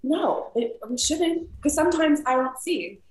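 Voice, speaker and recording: Measured woman referee in casual chat, mid-pitched, echoey room. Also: expressive. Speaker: volleyball referee. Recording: roomy echo.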